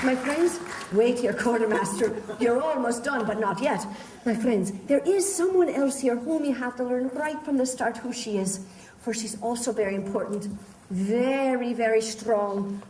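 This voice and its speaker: A woman's voice: on the high side, expressive, normal speed, a little mellow. A woman performer leading a live audience through a pirate-themed participation show, theatrical and doting, calling her volunteers love and darling. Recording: echoey room from a distance, faint crowd and noise.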